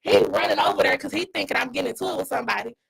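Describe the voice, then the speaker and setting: A woman co-hosting a podcast, telling a story in a blunt, animated, profane way. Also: fairly high pitch, very fast, gravelly, rough recording. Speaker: podcast co-host and dog breeder. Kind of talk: casual storytelling.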